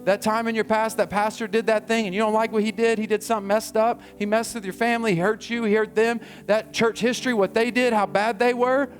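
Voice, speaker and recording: A man preaching a sermon as pastor, lively and conversational, acting out quoted voices. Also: sits high, brisk, few pauses, soft background music.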